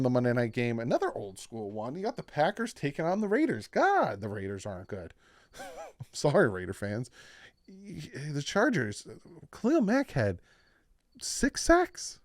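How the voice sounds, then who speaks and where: Animated sports picks vlogger, dry sound. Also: male voice, normal speed, no echo. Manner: animated, with sudden jumps in pitch and loudness. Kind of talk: casual sports prediction talk.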